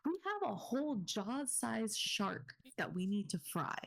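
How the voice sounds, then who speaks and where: A woman's voice: mid-range voice, sing-song, unhurried, gravelly, exaggerated voice. A woman playing an exasperated friend scolding.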